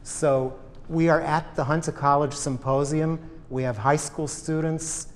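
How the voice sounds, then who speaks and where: A man presenting and narrating a music history program, explaining and quoting song lyrics in a measured way. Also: on the high side, steady tone, in a large hall. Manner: measured, explanatory, quotes lyrics while analyzing. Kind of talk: scripted narration mixed with live event commentary.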